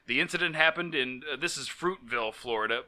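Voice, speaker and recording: Bright-voiced man reading odd news. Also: mid-range voice, quick pace. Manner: reads news stories aloud, breaks into jokey voices and laughter. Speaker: podcast co-host. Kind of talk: casual comedic chat.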